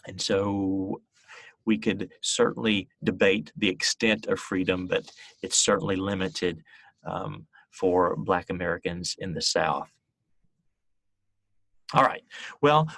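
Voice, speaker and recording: Low-voiced man giving a history lecture. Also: fairly bright tone, dry recording. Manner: explanatory, with frequent fillers and restarts. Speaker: history teacher.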